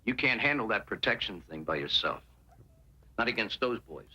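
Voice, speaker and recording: An actor playing an earnest stranger who speaks calm encouragement in an old action film. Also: male voice, moderate pace, husky, full character voice. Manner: earnest, low-key encouragement.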